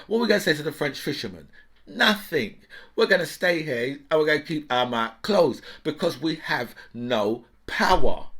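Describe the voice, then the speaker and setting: A man's voice: on the high side, a bit bright. A middle-aged man giving an indignant, mocking political rant, tagging lines with "right?" and "yeah". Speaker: political commentator. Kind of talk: ranting political monologue.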